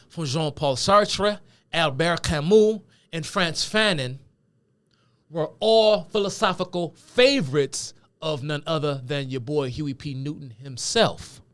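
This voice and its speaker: A man's voice: on the high side, a bit bright. A man giving lecture-style video commentary as a political commentator, emphatic and conversational with casual slang.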